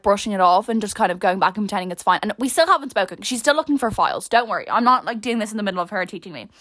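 A woman's voice: medium pitch, a bit bright, dry recording. A young Irish woman hosting a podcast, chatting casually and rambling through self-mocking stories. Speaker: podcast host. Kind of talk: casual chat.

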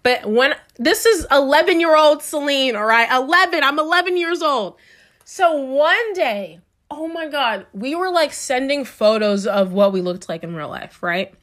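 Young woman, higher voice, storytime vlog, dramatic, exclaiming, cringing, swearing. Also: animated, a little slow, fairly bright tone. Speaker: vlogger telling a story.

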